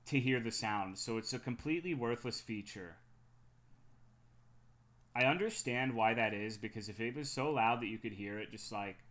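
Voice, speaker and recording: A young man streaming and chatting casually, telling a story with a lot of swearing. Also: medium pitch. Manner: chatty storytelling, frequent swearing, animated when excited. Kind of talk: casual chat.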